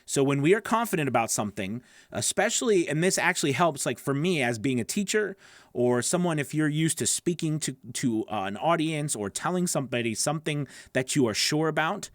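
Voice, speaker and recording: A voice acting coach talks straight to his students, his slightly nasal, gravelly voice rising and falling a lot as he rambles and restarts. He keeps checking in with them as he goes. The sound is close and dry, with no room in it. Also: on the high side, animated, a little fast, no room sound. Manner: loose, rambling, with restarts and checks like "okay? right?". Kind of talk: casual teaching to camera.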